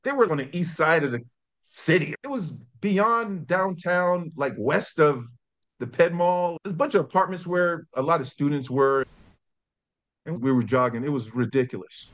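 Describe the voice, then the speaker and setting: A man's voice: on the high side, moderate pace. A middle-aged man, a former college football player telling stories as a podcast guest, acting out the voices of the people in them. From New York. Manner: animated storyteller who acts out quotes. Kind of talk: casual storytelling.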